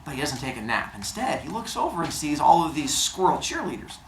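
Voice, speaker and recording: A man teaching a class, telling a modern fable with playful, animated delivery and character voices. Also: on the high side, fairly quick, roomy sound, background noise.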